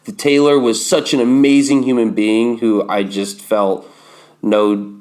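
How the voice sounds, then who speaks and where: A man's voice: mid-range voice, level tone, unhurried, darkish tone. A man in his thirties, a podcast guest, telling a personal story in a candid, vivid way and acting out remembered dialogue.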